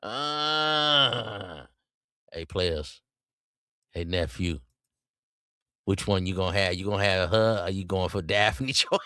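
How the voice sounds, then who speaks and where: A man's voice: low-pitched, unhurried, pauses often, a bit bright, smooth, no echo, clean studio sound. A man hosting a podcast, teasing and roasting his co-host with bursts of mock outrage. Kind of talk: comedic casual chat.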